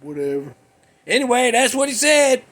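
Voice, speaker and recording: A man's voice: very high-pitched, very animated, normal speed, fairly bright tone. A man, hosting a casual, rambling monologue full of folksy jokes and asides. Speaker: podcast host. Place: cold room with a space heater.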